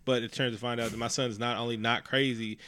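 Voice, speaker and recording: Man doing a low-key, panicky mom, hushed, rambling, bright clear tone. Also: flat delivery, quick pace. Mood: guilty, hushed. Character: panicked guilty mother, adult woman.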